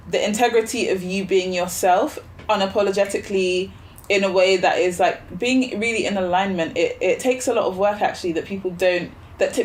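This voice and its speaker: A woman as a podcast guest in casual chat, reflective, thinking aloud with fillers and rhetorical questions. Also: mid-range voice.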